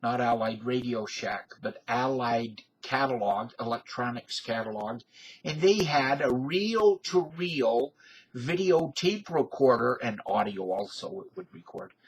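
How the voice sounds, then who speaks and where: A man's voice: medium pitch, lively intonation, slow pace, slightly rough, poor audio. A man in his fifties with a folksy, digressive manner, talking to camera in a rambling casual monologue. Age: 50s. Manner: folksy, digressive, filler-heavy. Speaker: video blogger.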